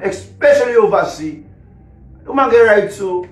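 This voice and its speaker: Sierra leonean guy going off on a livestream, kinda high voice, echoey room, keeps repeating himself. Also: expressive, measured pace, faint music behind. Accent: Sierra Leonean Krio English. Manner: rambling, repetitive, laughs between lines. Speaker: musician and social media personality. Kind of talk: casual live-stream rant.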